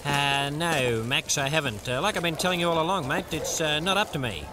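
A prim, clipped Australian TV cricket commentator, played by a man in a comedy sketch, sitting a touch high in pitch. He stays measured and polite on the surface while muttering insults under his breath. Street traffic hums behind him. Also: lightly acted. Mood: weary. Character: prim middle-aged male TV cricket commentator.

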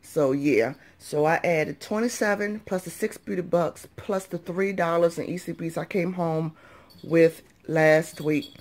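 A woman with a groggy, just-woken-up voice chats through a casual couponing haul vlog, her pitch sitting a little low. She talks straight to her viewers, calling them y'all and subbies, in an easy running patter. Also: measured pace, a little mellow. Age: adult parent of young children. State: groggy early-morning voice. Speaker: couponing vlogger.

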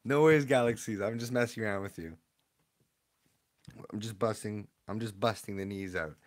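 A man's voice: lowish voice, moderate pace. A young man live-streaming, reading his chat and opening card packs, confused and laughing, often repeating himself.

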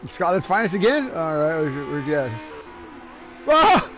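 A man giving casual, joking commentary on an online sim race, excitable and quick to laugh. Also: a little high, over music. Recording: noisy background.

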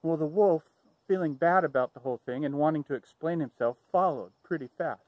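A man tells a playful, improvised fairy-tale retelling, rambling a little and catching himself mid-sentence. His voice sits a touch high for a man, with a dry, close sound. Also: brisk, dry recording, dull audio. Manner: rambling, playful, self-correcting. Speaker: storyteller. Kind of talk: improvised storytelling.

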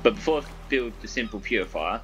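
Excitable gamer man, lively pitch. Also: fast, muffled recording, music in the background. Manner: excitable, swears, talks to himself and the game. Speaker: gaming YouTuber. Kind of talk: let's-play commentary.

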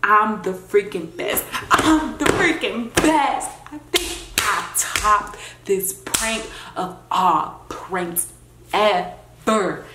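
A young woman vlogging after pulling a prank, cussing and giggling, moving between whispers and excited boasting. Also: medium pitch, very slow, echoey room, background noise. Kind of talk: casual vlog chat. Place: indoors at home.

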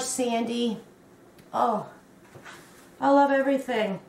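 A woman in her fifties unboxes a crochet gift and gushes with excitement. She talks slowly in a fairly high voice. The room is echoey, with a faint hiss underneath. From Canada. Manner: gushing and excitable, with many exclamations. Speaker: crochet vlogger.

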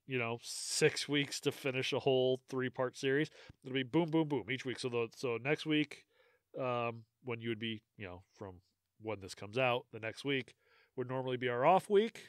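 A man hosting a casual podcast, talking through show plans in a loose, rambling way. His voice is smooth and clear, recorded dry and close with no room sound. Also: mid-range voice, no echo. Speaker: podcast host. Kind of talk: casual chat.

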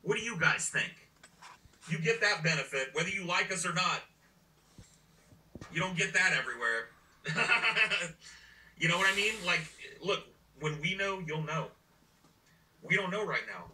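A man's voice: high voice, expressive, moderate pace, pauses often, sharp tone, roomy sound, distant mic, a little hiss or hum, low-quality recording. A man co-hosting a podcast in a casual, profane, rambling chat. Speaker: podcast co-host.

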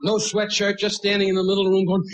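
A man doing a roast on stage, with brash, rapid-fire insult humor and sudden shouted punchlines. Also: high voice, completely flat delivery, highs cut off, slight background noise. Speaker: roast comedian. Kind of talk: stand-up roast routine.

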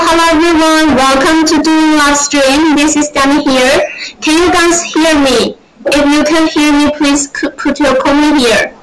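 A woman with a Chinese accent hosts a livestream sales presentation in English, speaking haltingly and repeating her greetings. Her voice is high-pitched, and the background is noisy.

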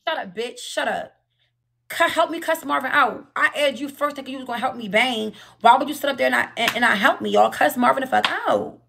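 A woman hosts a live stream in a heated, casual chat, loud, profane and rapid-fire. Her fairly high voice has a gravelly, fried edge. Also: a little hiss or hum.

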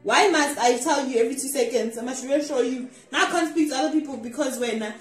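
A high-voiced young woman chiming in. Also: recorded from a distance. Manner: chimes in with quick reactions and opinions. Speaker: friend reacting to the story. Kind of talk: casual chat. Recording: echoey room, away from the mic, background music.

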